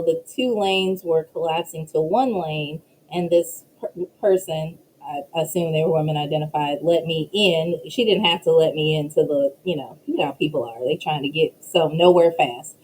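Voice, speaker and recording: A woman professor as an interview guest, animated and laughing as she tells stories. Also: low-pitched, normal speed, a little hiss or hum, poor audio. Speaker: professor and associate dean, guest. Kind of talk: casual interview.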